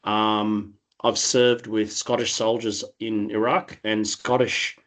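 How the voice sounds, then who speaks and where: A middle-aged man with an Australian accent, answering interview questions in a relaxed, rambling way with many restarts over a video call. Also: on the low side, takes it slowly. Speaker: interview guest. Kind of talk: casual conversational answers.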